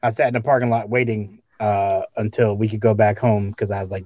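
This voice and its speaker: A man's voice: fairly low pitch, level tone, a little fast, no room sound, muffled recording. A man in his thirties telling a self-mocking story in a casual podcast chat. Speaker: podcast panelist.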